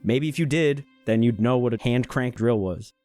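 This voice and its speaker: A man's voice: medium pitch, normal speed, warm tone, faint music behind. A man playing a tabletop game, teasing the others in casual banter. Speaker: player.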